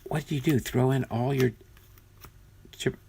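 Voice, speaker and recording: Guy w a gravelly voice going thru baseball cards, mumbly and chatty. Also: mid-range voice, steady tone, a little slow, mellow, a little hiss or hum. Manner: muttering, thinking aloud while sorting cards. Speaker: card collector vlogger. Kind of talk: casual unboxing commentary.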